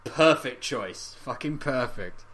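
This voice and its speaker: A man's voice: medium pitch, animated, slow pace, a bit bright. A man co-hosting a casual podcast chat, enthusiastic, laughing often and chiming in with agreement. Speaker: podcast co-host.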